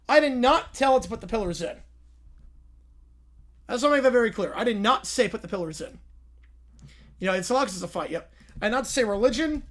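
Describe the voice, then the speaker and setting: A male streamer reacting in fast, incredulous, exasperated asides during a live stream. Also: sits high, a bit bright.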